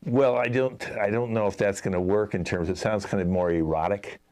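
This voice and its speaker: Deep-voiced exasperated director man. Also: steady tone, brisk, darkish tone. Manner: exasperated, talky, many fillers. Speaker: improv show host, playing a commercial director. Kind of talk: improv comedy scene.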